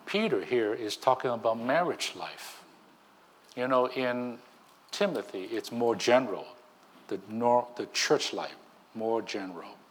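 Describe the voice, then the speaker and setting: A man's voice: medium pitch, slow pace, long pauses, slight background noise. A man preaching a sermon as a minister, emphatic, with frequent restarts.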